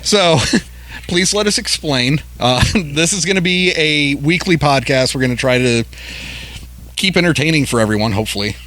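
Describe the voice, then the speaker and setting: A man's voice: on the high side, lively intonation, normal speed, a bit bright. A man co-hosting a casual band podcast, chatting with bandmates and laughing often. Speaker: guitarist and podcast co-host.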